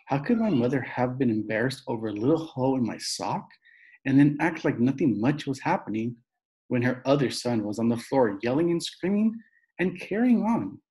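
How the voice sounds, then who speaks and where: A man reading a children's chapter book aloud in a plain, steady narrating voice. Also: medium pitch, moderate pace. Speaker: reader.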